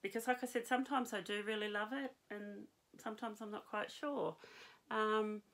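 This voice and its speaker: A woman's voice: mid-range voice, steady tone, normal speed, fairly bright tone. A woman with a New Zealand accent hosting a knitting podcast, chatting casually to camera with many ums and restarts.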